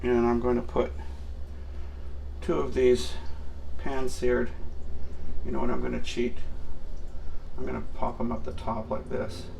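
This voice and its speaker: Gravelly man chatting through a cooking demo. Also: mid-range voice, level tone, measured pace, long pauses, a little mellow, a little hiss or hum. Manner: rambling and self-mocking, with many fillers. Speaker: home cooking host. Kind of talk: casual cooking demonstration.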